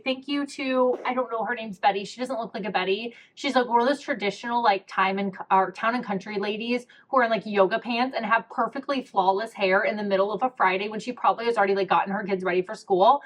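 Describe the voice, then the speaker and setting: A woman's voice: mid-range voice, fast talker, hardly any pauses. A young woman hosting a podcast, telling a personal story in a casual, candid way, swearing freely and saying "like" a lot. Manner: chatty, candid, swears freely, heavy use of "like". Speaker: podcast host.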